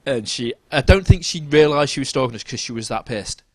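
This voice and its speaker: A man in a casual podcast chat, spinning a lively anecdote with a mid-range voice. He laughs often and mimics the people he describes. The sound is dry and close, with no room around it. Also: medium pitch, fairly quick, dry recording. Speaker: podcast co-host.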